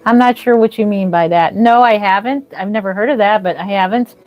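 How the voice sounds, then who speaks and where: A woman's voice: medium pitch, a little fast, dull audio, faint music behind. A woman hosting a casual livestream, chatting with viewers and gushing thanks for their gifts. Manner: gushing, easily moved, thanks viewers often. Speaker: livestream host, reborn doll artist.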